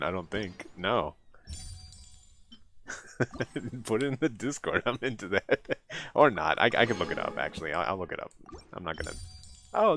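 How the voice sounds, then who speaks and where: Man, deep voice, American, live streamer, late-night casual chat, rambling, laughs a lot, tired. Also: gravelly, pushed and bright, slight background noise. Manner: rambling, laughs often, self-deprecating.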